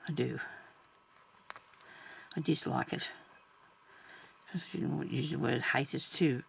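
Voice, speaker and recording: A woman vlogging as she sews, chatting casually to herself and the viewer, often trailing off mid-thought and sometimes dropping to a soft whisper. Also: rumbling low, steady tone, takes it slowly, gravelly, breathy edge. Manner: drops to soft whispers at times. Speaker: sewing vlogger. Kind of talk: casual thinking aloud while stitching.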